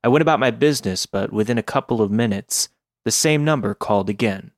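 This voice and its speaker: A man narrating a scripted first-person horror story in a measured, deliberate way. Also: fairly low pitch, dry recording, clean studio sound.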